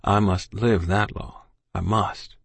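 A man voicing a dying old man, hoarse whisper. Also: lowish voice, steady tone, no room sound, exaggerated voice. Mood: weak, urgent. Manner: slow, insistent, old-fashioned thee and thou speech. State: gasping, near death. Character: dying older Quaker man, weak, urgent. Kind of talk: audiobook character voice.

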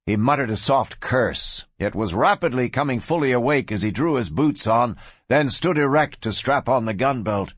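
Husky man narrating a western. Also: mid-range voice, lively intonation, no echo. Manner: measured storytelling delivery. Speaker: audiobook narrator. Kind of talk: scripted narration.

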